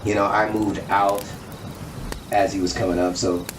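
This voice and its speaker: A man telling a casual personal story, animated and acting out quoted dialogue. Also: on the low side, moderate pace. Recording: echoey room, distant mic, noisy.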